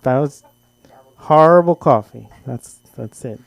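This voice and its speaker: An older man at an open mic, telling a rambling, self-deprecating personal story with halting restarts. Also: mid-range voice, vocal fry, no echo. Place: comedy club stage.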